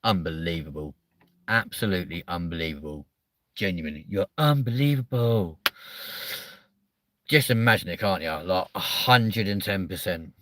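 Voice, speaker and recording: Male comedy host, crude rambling banter, bright voice, dry close sound. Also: sits low, expressive, normal speed, no room sound. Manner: crude, rambling, swearing constantly. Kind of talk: casual comedic chat.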